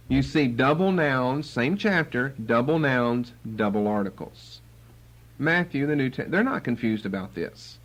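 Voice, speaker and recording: Guy teaching bible verse by verse, lively up and down voice, acts out quotes. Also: mid-range voice, low-quality recording. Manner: animated, acts out quotes with sarcasm.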